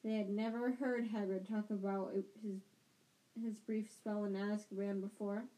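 A woman's voice: medium pitch, little pitch movement, normal speed, warm tone. A woman reading a book aloud as an amateur reader, often stumbling and correcting herself. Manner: reads with frequent restarts and self-corrections. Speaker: audiobook reader.

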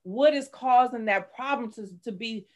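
A woman's voice: on the high side, normal speed. A middle-aged woman, candidly telling her life story in an interview with dramatic retellings. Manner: candid, dramatic retelling, rising to shouts when reliving anger. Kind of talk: personal testimony in an interview.

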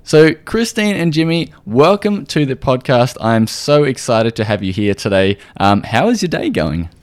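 A man's voice: mid-range voice, very animated, normal speed. A man with an Australian accent hosting a podcast, upbeat and chatty with frequent fillers. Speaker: podcast host. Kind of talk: casual interview chat.

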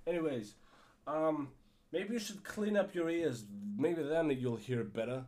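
A man with a cold rambles through a story at an unhurried, drawn-out pace. His voice sits a little high for a man, and he keeps circling back with fillers and restarts. He swears casually as he talks to his podcast listeners. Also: lively intonation, darkish tone. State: has a cold. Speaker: podcast host.

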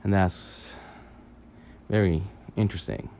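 A man telling a long dream story in a halting, rambling way, full of fillers, restarts and casual swearing. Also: low voice, fairly even intonation, dark tone, slight background noise. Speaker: podcaster recounting a dream.

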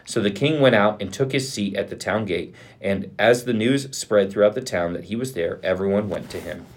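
Low-voiced man reading scripture. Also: moderate pace. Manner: expressive reading, lifts his voice for quoted speech. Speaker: pastor.

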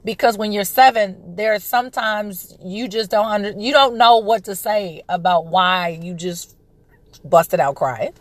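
A woman in her thirties hosting a casual podcast monologue, recovering from a respiratory illness and clearing her throat, telling a story in a chatty way. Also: mid-range voice, measured pace, no room sound. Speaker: podcast host, parent.

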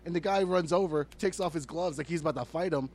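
A man's voice: a little high, fast talker, a little mellow. A young man co-hosting a comedy podcast, ranting animatedly with lots of swearing and filler words. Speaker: podcast co-host. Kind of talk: casual comedic podcast chat.

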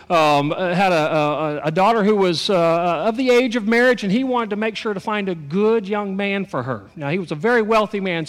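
A man's voice: high-pitched, in a large hall. A man from Texas, preaching a sermon in a folksy, storytelling way with touches of humor. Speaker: pastor.

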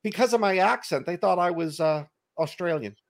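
A man's voice: high voice, normal speed, creaky. A man with a Boston accent, an author chatting as a guest on a video call and telling stories with jokes at his own expense. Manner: jokey storyteller, laughs at himself. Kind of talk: casual interview chat. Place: home desk on a video call.

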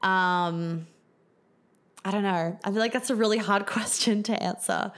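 A young woman hosts a live podcast Q&A in a casual, rambling way. She talks in an easy, middle-pitched voice, full of fillers, and she swears freely. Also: unhurried. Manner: chatty, frequent fillers and swearing. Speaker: podcast host answering viewer questions.

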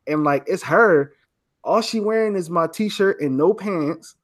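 A young man talks casually as a podcast co-host, loose and slangy, his speech full of fillers. He tells stories in an easy, relaxed chat. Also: sits high, measured pace.

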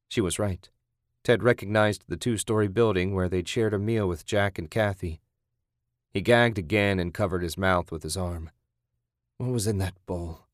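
A man narrates a horror audiobook in a steady, measured reading style. His voice sits very low, and the recording is dry and close with no room sound. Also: no echo.

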